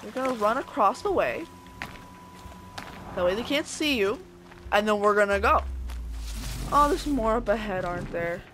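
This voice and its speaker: A woman commentating as she plays a video game, chattering to the enemies and squeaking up high when she panics. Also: moderate pace, long pauses, background noise. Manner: excitable, talks to enemies, voice shoots up when panicked. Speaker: gameplay streamer. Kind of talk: let's play commentary.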